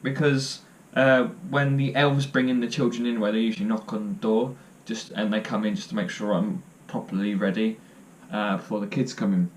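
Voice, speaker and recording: A man's voice: fairly low pitch, fairly even intonation, normal speed, few pauses. Joking young man telling stories. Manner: jokey, self-deprecating, rambling with fillers. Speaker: vlogger. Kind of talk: casual storytelling to camera.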